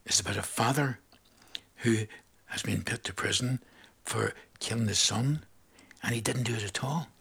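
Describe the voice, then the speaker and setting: A man in his seventies with a Northern Irish accent, presenting a radio show in casual, jokey, rambling chat full of shout-outs to listeners. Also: medium pitch, moderate pace, gravelly, pauses often, husky. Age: 70s.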